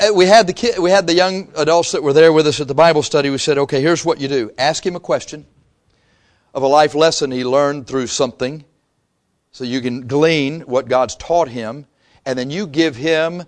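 A male pastor preaching a sermon in a conversational way, with frequent restarts and quotes he acts out. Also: fairly high pitch.

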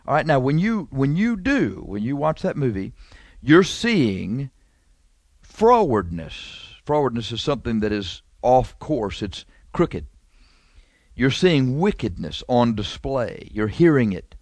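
A man's voice: mid-range voice, big pitch swings, a little slow, a little mellow, no room sound. A man preaching a sermon in a conversational, emphatic way, repeating phrases and drawing out key words.

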